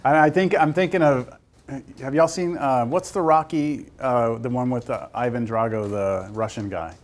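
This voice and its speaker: A man's voice: medium pitch, moderate pace. A man teaching a calculus class, talking casually and joking as he works through problems aloud. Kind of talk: classroom lecture.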